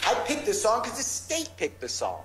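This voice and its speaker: A man's voice: high-pitched, huge pitch swings, moderate pace, a bit bright, roomy sound, a little hiss or hum, low-quality recording. A male defense lawyer arguing insistently and passionately before a judge in a courtroom. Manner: impassioned, insistent pleading. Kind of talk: courtroom argument. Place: large courtroom.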